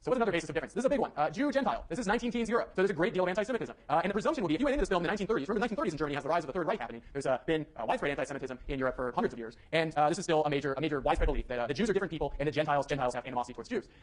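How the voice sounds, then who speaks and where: A man's voice: fairly high pitch, animated, rapid-fire, hardly any pauses. A young man giving a university lecture in a conversational way, with fillers and restarts. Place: lecture hall.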